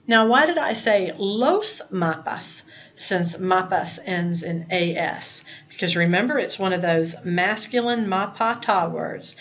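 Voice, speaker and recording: A Spanish teacher teaches a recorded lesson to her students, patiently explaining and mixing English and Spanish prompts. Her voice is on the low side and a bit bright, at a measured pace, with the highs cut off.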